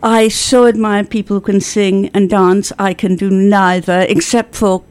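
A middle-aged woman tells anecdotes with theatrical flair and self-mocking humor. She speaks at a leisurely, drawn-out pace, and her voice sits close and dry with no room around it. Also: mid-range voice, level tone, a little mellow, dry recording. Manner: theatrical, self-deprecating storyteller. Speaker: theater producer and actor, guest. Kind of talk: casual interview chat.

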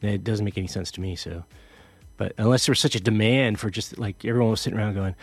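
A man's voice: lowish voice, quick pace, dry recording. A middle-aged man hosting a music show, telling a story in a rambling, self-deprecating way with many restarts. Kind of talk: casual storytelling monologue.

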